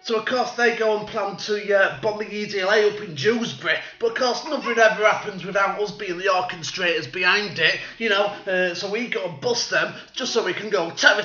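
A man's voice: high-pitched, normal speed, hardly any pauses, pushed and bright, faint music behind. Sarcastic man ranting. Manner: sarcastic, heavy swearing. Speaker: vlogger. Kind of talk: satirical rant monologue. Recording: echoey room, dull lo-fi sound.

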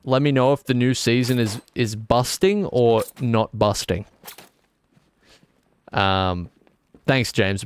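A young man streams a game and talks straight to his chat in a loose, jokey ramble. His voice is smooth and resonant at a middle pitch. The sound is dry and close. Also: no room sound. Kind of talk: casual gaming stream commentary.

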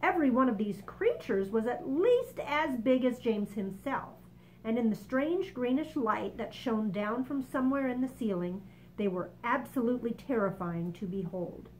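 Expressive woman reading a children's book. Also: on the high side, normal speed, a little hiss or hum, rough recording. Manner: expressive, self-correcting. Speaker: story reader.

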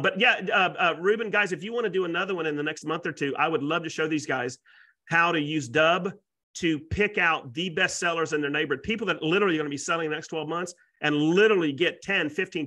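A man, a realtor and YouTuber, pitching as a guest speaker on a webinar with excitable, salesy energy and folksy exaggeration. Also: brisk. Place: Florida.

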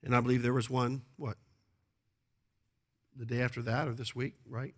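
A man's voice: mid-range voice, level tone, moderate pace. A male pastor preaching a sermon, emphatic and repetitive, often asking the congregation to agree.

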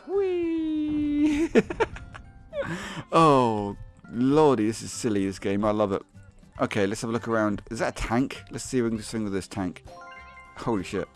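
A young man giving excitable, swearing commentary on a game, laughing often and yelping in high squeaks. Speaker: gaming video host.

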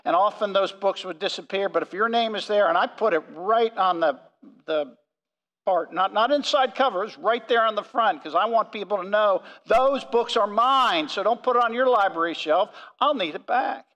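A male pastor preaching a sermon, earnest and emphatic, slowing down to stress key phrases. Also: high-pitched, fairly bright tone, in a large hall, dull audio. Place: church sanctuary.

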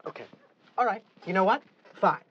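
A woman's voice: medium pitch, animated, moderate pace, husky, lo-fi sound. A woman directing a recording session, exasperated and correcting the singer again and again.

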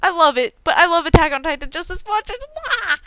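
A young woman hosting a casual unboxing video, bubbly and excitable, tripping over her words as she gushes. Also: very high-pitched, fast, a little hiss or hum. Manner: bubbly and excitable, gushing with stumbling repeats. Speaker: unboxing channel host.

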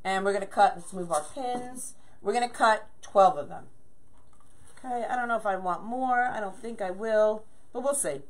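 A woman's voice: medium pitch, normal speed. A woman hosting a live crafting stream, greeting viewers by name and counting aloud as she works. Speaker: craft livestream host. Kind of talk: chatty livestream while crafting.

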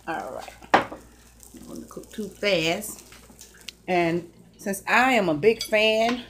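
A woman's voice: mid-range voice, noisy background. A woman chatting casually to viewers while she cooks breakfast in her home kitchen, folksy and talkative. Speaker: cooking vlogger. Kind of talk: casual cooking chat.

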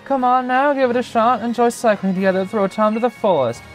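A man voicing a polite, excitable male bike inventor in a prim, chirpy manner. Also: extremely high pitch, quick pace, faint music behind, pitched above the performer's own voice. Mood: enthusiastic.

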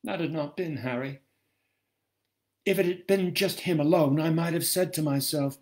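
A man reading his own novel aloud in measured first-person storytelling, heard over a video call from home. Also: a little high.

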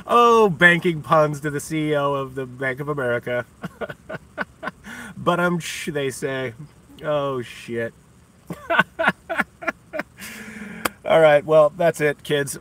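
A man's voice: a little high, moderate pace, fairly bright tone, a little hiss or hum. A man ranting on his own livestream, scornful and taunting, cursing freely and breaking into laughter often. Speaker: livestream host. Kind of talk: profane livestream rant.

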